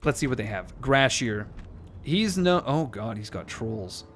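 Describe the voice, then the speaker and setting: Playing a strategy game, this let's play commentator speaks a little slowly in a mid-range, slightly bright voice with lively intonation. He's sarcastic and jokey, swearing and wandering off on tangents as he goes.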